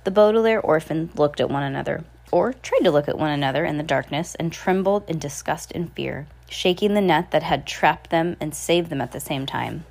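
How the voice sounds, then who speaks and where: A woman's voice: sits low, normal speed, gravelly, few pauses, a little mellow. A woman reading a novel aloud in a casual, unpolished way, with slips and restarts. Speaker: reader.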